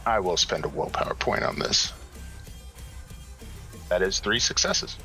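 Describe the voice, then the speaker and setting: A man playing a tabletop game, narrating his character's actions in a relaxed, halting way. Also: sits low, faint music behind, poor audio. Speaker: player.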